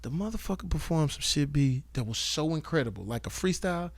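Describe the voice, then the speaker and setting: A man guest telling animated, profane stories in a casual interview, acting out the dialogue. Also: on the high side, brisk, gravelly, a little hiss or hum. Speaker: guest, comedian and actor.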